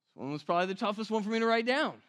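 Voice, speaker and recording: Animated and high-pitched, with a slightly bright tone, a male pastor delivers a conversational sermon, frequently asking the congregation questions and slowing to stress important words.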